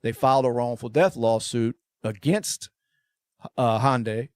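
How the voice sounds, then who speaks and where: A man co-hosting a casual podcast chat, rambling and swearing, his voice often trailing off quietly at the ends of phrases. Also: mid-range voice, unhurried. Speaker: podcast co-host.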